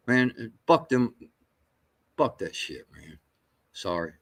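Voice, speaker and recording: A man of middle pitch hosts a casual show. He reacts to clips in rambling, foul-mouthed talk and often stumbles and restarts his sentences. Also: very animated, takes it slowly, long pauses. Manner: rambling, profane, stammering restarts. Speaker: show host.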